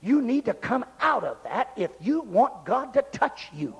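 A man preaching a revival sermon, shouting at the climaxes and dropping low for asides. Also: very animated, a little slow, creaky. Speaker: pastor.

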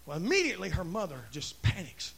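A man preaching a Pentecostal revival sermon, shouting in rising bursts. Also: high-pitched, huge pitch swings, fast talker, gravelly, breathy edge. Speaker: pastor.

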